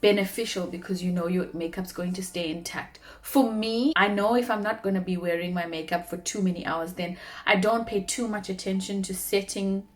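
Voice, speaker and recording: A young South African woman with a South African accent, chatting casually through a makeup tutorial, animated with soft murmured asides. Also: mid-range voice, moderate pace, few pauses. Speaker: beauty vlogger.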